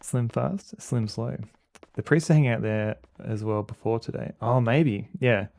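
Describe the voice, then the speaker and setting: A man's voice: medium pitch, measured pace, gravelly, darkish tone. A man streaming a video game, chatting casually and joking at his own expense, often stammering and repeating words. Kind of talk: casual gameplay commentary.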